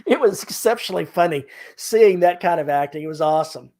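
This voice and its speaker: A man's voice: sits high, animated, a little fast, a little mellow. A man co-hosting a podcast on writing, chatting casually and acting out quotes as he retells a scene. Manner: chatty storyteller, acts out quotes. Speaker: podcast co-host. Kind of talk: casual chat about writing.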